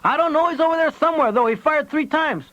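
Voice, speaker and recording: A man putting on a frightened, furious man screaming from behind a tree, his voice cracking high and loud. The sound is muffled and lo-fi, like an old cassette. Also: fast. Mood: panicked. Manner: frantic, yelling high and strained. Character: panicked shouting man under fire. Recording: dull lo-fi tape audio.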